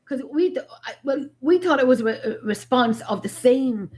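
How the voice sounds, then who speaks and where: An Irish woman talking over a video call in an excitable, rambling way. She trips over her words and circles back as she goes. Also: high voice, normal speed, slightly rough. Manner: excitable, rambling, many restarts. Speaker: paranormal investigator. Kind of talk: casual chat on a video call.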